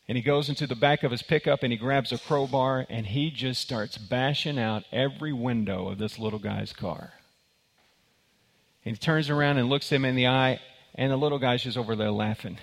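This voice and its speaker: A man's voice: medium pitch, brisk, a bit bright. A man preaching to a congregation, pressing his points with emphasis. He restarts and repeats words as he goes, his voice sitting in a middle register. A long hall reverb trails behind each phrase. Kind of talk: sermon with a told joke.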